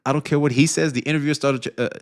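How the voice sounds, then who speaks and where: A man streaming casual commentary on online drama, rambling and swearing with many fillers, his voice often trailing off quieter. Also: a little high, steady tone, very fast.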